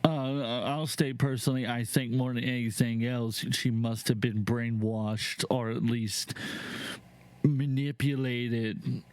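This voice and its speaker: Slow, clear-voiced man reading aloud. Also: steady tone, a little mellow, dry recording. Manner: reads texts aloud slowly, breaks into high disgusted exclamations. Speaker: show host reacting to videos. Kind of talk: casual reaction commentary.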